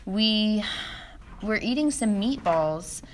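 A woman co-hosting a playful podcast chat, animated and teasing, often breaking into giggles. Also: mid-range voice, slow pace, slight background noise. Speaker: co-host.

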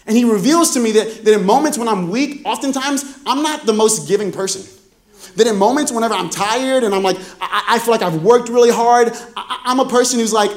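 A man's voice: very high voice, a little fast. A man preaching a sermon as pastor, telling funny stories and acting out quoted lines. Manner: humorous storytelling, acts out quoted dialogue. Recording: roomy echoey room.

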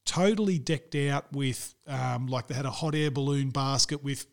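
A man's voice: medium pitch, normal speed, creaky. A man with an Australian accent hosting a podcast, telling funny stories in a casual chat and laughing often. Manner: animated storyteller, laughs often. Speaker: podcast host.

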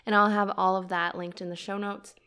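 A woman's voice: medium pitch, flat delivery, a little fast, fairly bright tone, clean tone. A woman hosting a faith-based podcast, introducing her guest in an enthusiastic, gushing, conversational way. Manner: faith-filled, prayerful phrasing. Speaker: podcast host. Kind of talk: solo podcast intro, casual chat.

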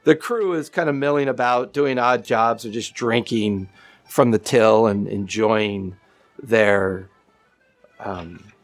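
Guy running a tabletop game, lowish gravelly voice, laid back, faint music behind. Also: takes it slowly. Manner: relaxed, rambling, laughs easily. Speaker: game master.

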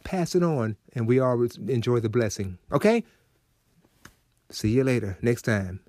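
A man hosting a short devotional program, preaching with lively swings between soft and emphatic delivery. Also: mid-range voice, normal speed, no room sound. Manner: animated, swings from soft to emphatic, acts out quoted people.

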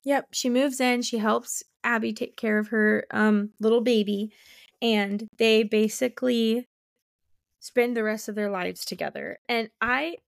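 A woman's voice: a little high, steady tone, a little slow, vocal fry, dry recording, studio quality. A young woman co-hosting a podcast, rambling emotionally about a book she loved. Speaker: podcast co-host. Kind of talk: casual book chat.

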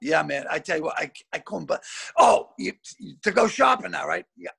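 An older man over sixty telling loud, swearing anecdotes as a comedian guest over a video call, often repeating words as he goes. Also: a little high, lively intonation, moderate pace, vocal fry, husky. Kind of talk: storytelling anecdotes.

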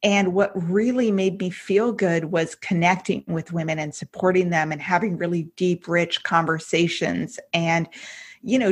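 A woman in her forties, a podcast guest, telling her story openly and emotionally, with many fillers and quick asides. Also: on the low side. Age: 40s. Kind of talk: candid personal story in an interview.

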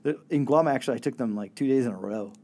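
A man co-hosting a casual chat podcast, rambling with many fillers and trailing off softly at the ends of his thoughts. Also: mid-range voice, fast talker. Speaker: podcast co-host.

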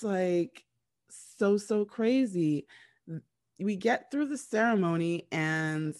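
A woman co-hosting a podcast, casually and excitedly retelling a TV episode, stumbling over and repeating words as she goes. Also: medium pitch, dry recording, clean studio sound. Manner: animated, repeats words while retelling scenes. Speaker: podcast co-host recapping a TV episode. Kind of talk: casual chat.

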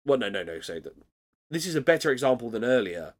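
A man's voice: medium pitch, sing-song, fast talker. A man chatting casually as a podcast co-host, recapping an episode with frequent laughs and restarts.

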